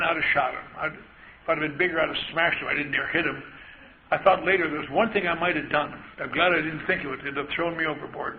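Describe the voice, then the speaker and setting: An older man holds forth at a recovery meeting, spinning wry, self-deprecating tales and slipping into the voices of the people in them. His voice sits a little high for a man. The live recording is muffled and carries steady hiss. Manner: wry, self-mocking storyteller, acts out voices. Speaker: AA speaker. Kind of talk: storytelling talk to an audience. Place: large meeting hall. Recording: dull lo-fi live tape with hiss.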